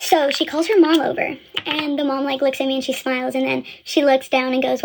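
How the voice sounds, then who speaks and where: A woman's voice: high voice, level tone, fast, few pauses, slight background noise. A young woman who works in retail, telling a story in a casual, blunt way with lots of fillers and some swearing. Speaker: retail store employee.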